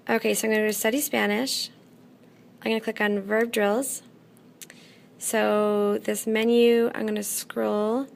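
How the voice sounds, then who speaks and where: A woman teaching a classroom lesson, patient and methodical, often pausing to check in. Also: mid-range voice, level tone, vocal fry, a little hiss or hum. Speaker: Spanish teacher.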